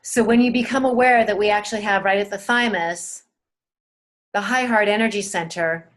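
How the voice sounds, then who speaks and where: A woman teaching a spiritual webinar in a gentle, soothing way, talking straight to her listeners and repeating key words. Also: medium pitch, moderate pace.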